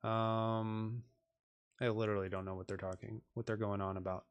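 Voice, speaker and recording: A man's voice: lowish voice, flat delivery, moderate pace, highs cut off, slight background noise. A man on a live stream working through programming exercises, reading them aloud and joking with viewers in a self-deprecating way.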